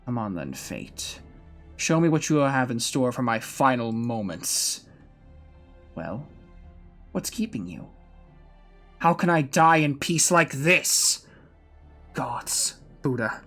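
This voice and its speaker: A man voicing a weary old male swordsman who awaits death, speaking in a slow, brooding, resigned way over faint music. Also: mid-range voice, expressive, fairly bright tone. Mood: pleading. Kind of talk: fan voice reading of a game story.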